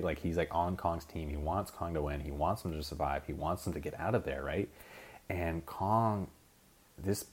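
Deep-voiced man rambling casually about films. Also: darkish tone. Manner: rambling, filler-heavy, swears, acts out scenes. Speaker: podcast host. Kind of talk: casual rambling film chat.

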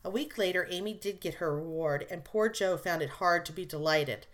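A woman narrating a classic novel aloud in a smooth, expressive storytelling manner. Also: lowish voice, moderate pace. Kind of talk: audiobook reading of a classic novel.

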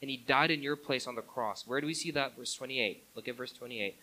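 A man's voice: mid-range voice, brisk, pushed and bright, rough recording. A man preaching a sermon as pastor, building his points to emphatic climaxes.

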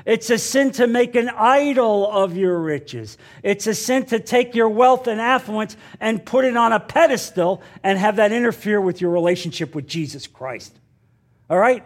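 A man's voice: sits high, lively intonation, a little slow. A man preaching a sermon in an emphatic way, repeating lines and putting questions to his listeners. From New Jersey.

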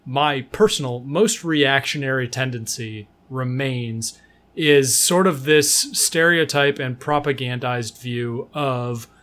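A man in his thirties co-hosting a podcast, talking in a thoughtful, measured way and chiming in with agreement. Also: medium pitch, a bit bright. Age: 30s. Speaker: podcast co-host. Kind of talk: casual discussion.

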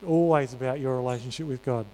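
A man's voice: medium pitch, quick pace, dark tone. A man preaching a sermon in a church, talking in an earnest, conversational way with many fillers. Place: church hall. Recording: reverberant church hall.

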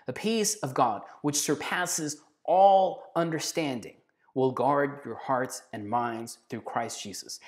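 A man preaching a sermon in an earnest, emphatic way, slowing down and dropping to a hush on key phrases. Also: medium pitch.

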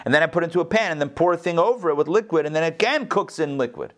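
A man giving an informal Torah class, animated, repeating phrases and answering his own questions. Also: fairly high pitch, racing. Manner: coughs, gets excited.

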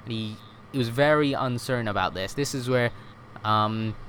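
A man's voice: mid-range voice, moderate pace, fairly bright tone, a little hiss or hum. A man explaining history in a casual podcast chat, with lots of fillers, self-corrections and "right?" tag questions.

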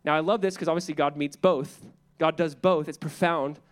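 A man preaching a sermon as pastor, casual and animated, acting out people in the story with quick voices. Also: a little high.

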